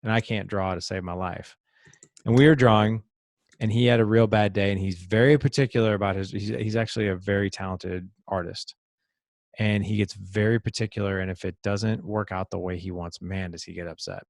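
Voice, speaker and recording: A middle-aged man with a low, gravelly voice talks through a personal story as a podcast guest. He is earnest and reflective and restarts phrases as he thinks. His voice sounds close and dry, with no room around it. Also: steady tone, fairly quick, dry recording. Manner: earnest, reflective, repeats words while thinking. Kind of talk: conversational storytelling.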